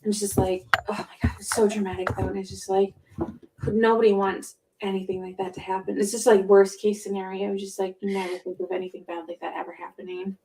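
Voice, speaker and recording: A woman co-hosting a podcast in casual chat, telling stories in a rambling, excitable way full of fillers. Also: medium pitch, brisk, slight background noise. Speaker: podcast co-host. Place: home.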